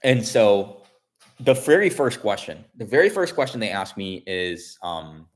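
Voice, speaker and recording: A man tells a story on his stream in a relaxed, chatty way. His voice is low and deep, and he loops back over his own words and restarts sentences as he goes. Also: unhurried. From Chicago area. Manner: rambling, repeats himself, many restarts. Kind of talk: casual storytelling.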